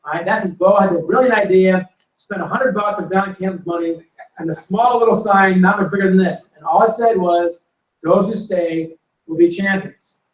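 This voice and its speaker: A man telling animated football stories to an audience and acting out quotes and punchlines. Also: high voice, fairly quick. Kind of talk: storytelling to a live audience. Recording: roomy hall recording from a distance.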